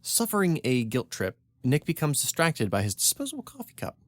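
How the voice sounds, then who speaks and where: A man's voice: a little high, huge pitch swings, fairly quick, dry recording, clean studio sound. A man co-hosting a comedy podcast, reading his own script aloud with wry asides and frequent laughs. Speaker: podcast co-host.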